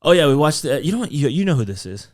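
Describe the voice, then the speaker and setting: A man's voice: a little high, sing-song, fast talker. A young man co-hosting a podcast, telling a story in casual chat with loose fillers and quoted voices. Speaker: podcast co-host.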